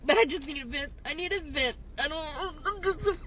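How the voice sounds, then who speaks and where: Very high-voiced tearful woman in her fifties. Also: fairly quick, noisy background. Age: 50s. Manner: distraught, rambling. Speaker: gig delivery driver. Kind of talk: venting to a phone camera. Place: in a car.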